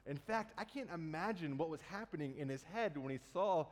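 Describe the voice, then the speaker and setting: A man's voice: fairly high pitch, animated, fairly quick. A man preaching a sermon, retelling a Bible story in a conversational way and casually acting out the quotes. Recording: long hall reverb.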